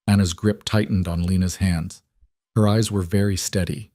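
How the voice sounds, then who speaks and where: Low-voiced man narrating a story. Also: steady tone, normal speed, dark tone, no room sound, studio quality.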